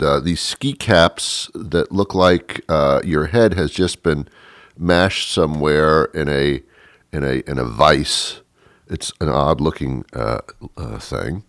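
A man hosting a comic monologue, deadpan and rambling, with many fillers. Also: low voice, dry recording. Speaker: host. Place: Boston area.

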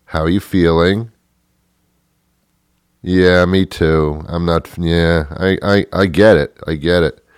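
Older male radio host, very low and dry, sarcastic and grumpy, rambling delivery. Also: steady tone, slow pace, pauses often, clean tone, no room sound. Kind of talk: sarcastic solo radio monologue.

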